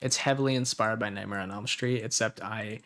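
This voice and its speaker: A man's voice: on the low side, steady tone, fairly quick, fairly bright tone. A man who makes ASMR role-plays, chatting casually and jokingly with viewers on a live stream. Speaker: ASMR creator.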